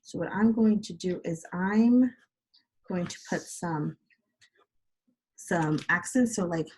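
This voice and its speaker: A woman teacher giving a slow, patient, encouraging video lesson to small children, spelling out each step. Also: lowish voice, a little mellow, breathy edge, poor audio. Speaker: kindergarten teacher.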